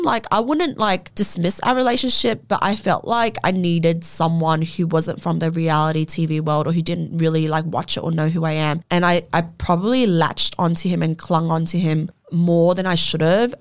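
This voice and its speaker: A woman's voice: on the low side, clean tone. A woman with an Australian accent, talking casually as an interview guest. She tells her story candidly, swears freely and keeps dropping "like" into her sentences.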